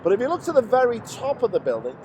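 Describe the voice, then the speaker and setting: A man's voice: extremely high pitch, wildly swooping pitch, fast talker, darkish tone, slight background noise. A man acting as a city tour guide in a comedy sketch, explaining landmarks politely and patiently outdoors.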